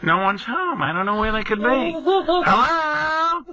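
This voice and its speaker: A man voicing a nagging older mother who calls and calls into the phone with a shrill, repetitive voice. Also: big pitch swings, measured pace, muffled recording, background noise. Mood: insistent.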